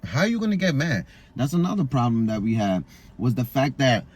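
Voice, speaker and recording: A man's voice: medium pitch, lively intonation, a little fast, a little mellow, breathy edge. A frustrated young man venting in a rambling monologue, repeating himself often, recorded outdoors in a busy public area.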